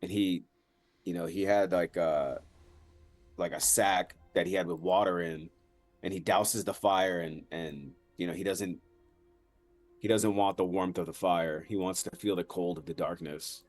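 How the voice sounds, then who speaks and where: Very deep slow guy describing his character in a tabletop game, keeps stalling with like and you know. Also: fairly even intonation, darkish tone, dry recording, soft background music. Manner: halting, searching for words with many fillers. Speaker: player.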